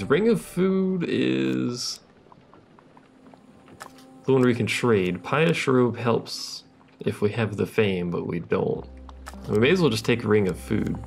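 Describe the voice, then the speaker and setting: A man's voice: lowish voice, creaky. A man giving casual, wry commentary on his gameplay and reading the game's text aloud. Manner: wry, reads game text aloud between remarks. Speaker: let's play host.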